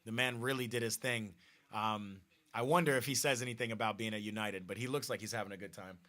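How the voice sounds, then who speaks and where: A man's voice: on the low side, fairly even intonation, fast talker, sharp tone. A man hosting a live football watch party, chatting casually and reading out viewer comments. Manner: chatty, restarts, reads viewer comments aloud.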